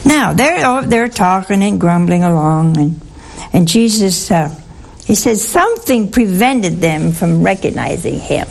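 A woman's voice: on the low side, expressive, measured pace, creaky, darkish tone, slight background noise. A woman giving an informal Bible teaching to a group, talking conversationally and often putting questions to her listeners.

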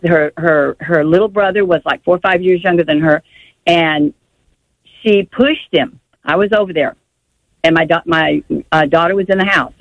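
An older woman phones in to a radio show and rambles through her story, restarting often as her emotion builds. Her voice is fairly low, and the phone-line audio sounds dull and dry, with no echo.

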